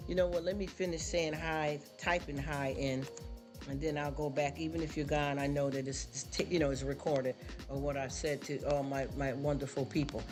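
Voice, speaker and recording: A man's voice: a little high, little pitch movement, normal speed. A man hosting a livestream, lecturing his viewers in a casual, preachy rant full of repeated rhetorical questions. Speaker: livestream host. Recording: livestream with music behind. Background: background music.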